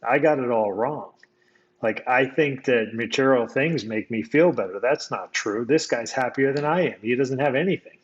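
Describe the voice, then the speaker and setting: A man from the United States, a guest telling a personal story in relaxed, casual conversation, reflective and often restarting his sentences. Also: medium pitch, normal speed, dull audio.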